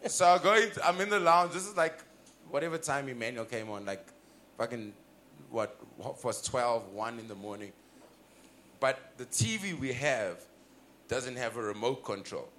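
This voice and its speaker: South African male comic, animated laughing storyteller, bright and tense. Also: medium pitch, moderate pace, slight background noise. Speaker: comedian guest. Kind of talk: casual comedic chat.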